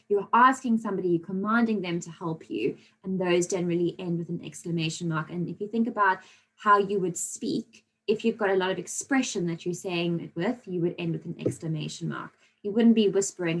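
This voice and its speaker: A woman's voice: lowish voice, a bit bright, low-quality recording. A woman teaching a recorded grammar lesson to children, explaining patiently and checking in often with "okay?". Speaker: primary school teacher.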